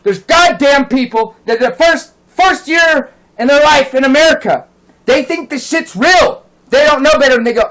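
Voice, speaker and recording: A man's voice: very high-pitched, moderate pace, a bit bright, rough recording. A man delivering a heated, profane rant as a vlogger, indignant and insistent. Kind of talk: angry ranting monologue.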